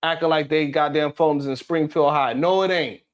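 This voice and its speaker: A man's voice: a little high, fairly even intonation, normal speed. A man hosting a live stream, reading the chat and talking in a blunt, heated, profane way.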